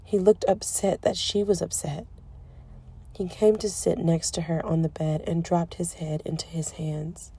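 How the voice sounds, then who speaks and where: A woman narrating a romance audiobook in a soft, emotive storytelling manner. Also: on the low side, little pitch movement, unhurried, breathy edge, dry recording. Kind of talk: scripted narration.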